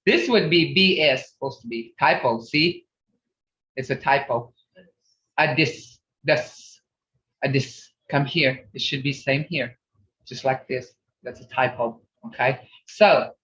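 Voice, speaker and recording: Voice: mid-range voice, slow, pauses often, fairly bright tone, recorded from a distance. An older language teacher leading an online class, repeating and drilling words between chatty asides, heard over a video call. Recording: roomy, dull video-call audio.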